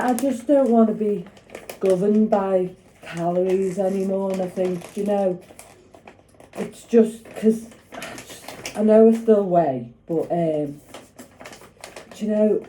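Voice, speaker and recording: A woman's voice: mid-range voice, warm tone, slight background noise, poor audio. A middle-aged woman chatting casually to camera in her home kitchen while she makes food, rambling with lots of tag questions. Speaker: vlogger.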